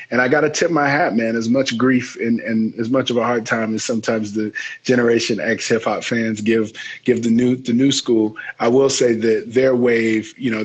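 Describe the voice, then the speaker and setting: A joking, laid-back man with a Chicago accent hosting a radio music show. His voice is husky and slightly breathy at a middling pitch, and he talks in an easy, unhurried way. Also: rough recording. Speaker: radio host. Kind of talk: casual music talk.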